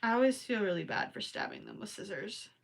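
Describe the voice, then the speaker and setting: Brisk and sing-song, with vocal fry in her mid-range voice, a young Minnesotan woman keeps up casual chatter with viewers as she crochets late at night on a livestream. She rambles a little and seems somewhat tired.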